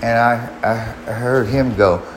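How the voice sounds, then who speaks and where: A man's voice: medium pitch, measured pace, echoey room, a little hiss or hum, low-quality recording. A man casually telling a personal story in a rambling way, restarting often and swearing. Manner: rambling, frequent restarts and profanity.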